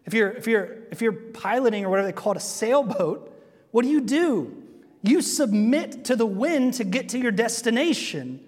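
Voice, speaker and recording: Male pastor with a high voice, earnest sermon delivery full of questions to the congregation, recorded in a church hall with a long echo. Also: very animated, normal speed, a little mellow. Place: church sanctuary.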